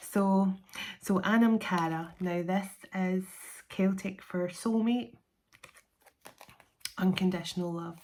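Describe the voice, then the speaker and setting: A woman doing an oracle card reading for her viewers, reading out card keywords in slow lists. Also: medium pitch, steady tone, darkish tone. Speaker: tarot and oracle card reader.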